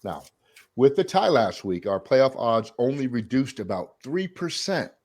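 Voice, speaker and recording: A man's voice: medium pitch, unhurried. A man hosting a sports podcast, opening with showman hype and then chatting casually. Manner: hype showman intro, animated. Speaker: podcast host.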